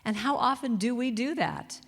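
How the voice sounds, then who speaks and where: A middle-aged woman giving a talk at a church, telling stories and softly singing lines of her chants. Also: fairly high pitch, expressive, normal speed, creaky. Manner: warm storytelling, sings lines softly. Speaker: guest speaker and singer. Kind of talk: sermon with sung chants. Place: church sanctuary. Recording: long hall reverb.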